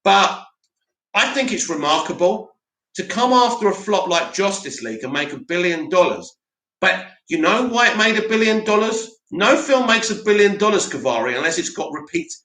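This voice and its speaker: This live streamer, a man with a somewhat high, sharp, forward voice, responds to his chat with blunt opinions. He talks at a moderate pace with lively intonation, and the room sounds echoey.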